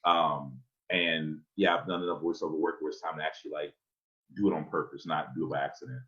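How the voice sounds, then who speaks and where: Male guest poet: low natural bass, relaxed anecdotal delivery, muffled lo-fi sound. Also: a little fast. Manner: laid-back storytelling, laughs at himself. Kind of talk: casual podcast chat.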